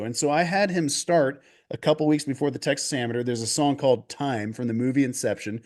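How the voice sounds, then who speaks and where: A man guest on a video call interview, telling stories in a casual, animated way and acting out quotes. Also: medium pitch. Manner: animated, restarts and acts out quotes. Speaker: golf coach guest.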